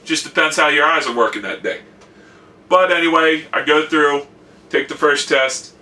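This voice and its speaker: Speaking at a normal speed into a distant mic, this college student vlogger has a slightly high, sharp-toned voice. He chats about his semester, spinning stories packed with quoted asides.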